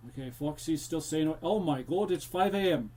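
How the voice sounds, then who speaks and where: A man's voice: fairly high pitch, lively intonation, moderate pace, a little mellow. A young man streaming a horror game live, chatting to his viewers and drifting into a joking pirate-style accent. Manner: chatty, talks to the viewers while playing, drifts into a jokey pirate-ish accent. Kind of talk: casual live-stream commentary.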